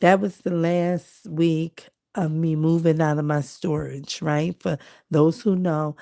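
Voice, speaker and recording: Slow, gravelly-voiced woman chatting on a livestream. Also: low-pitched, steady tone, warm tone. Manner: chatty and rambling, greeting viewers, many fillers. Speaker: livestream host. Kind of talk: casual live-stream chat while collaging.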